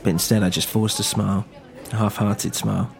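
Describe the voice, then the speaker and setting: Low-voiced man narrating a tense story. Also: little pitch movement, a little fast, creaky, a faint crowd. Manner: tense, introspective. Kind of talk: first-person serialized story narration.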